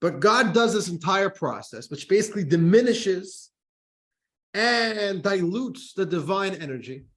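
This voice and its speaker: A man, a rabbi, teaching a class, reading a text aloud and explaining it in an animated way to listeners. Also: high-pitched, unhurried. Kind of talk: Torah class lecture. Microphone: microphone in front of him.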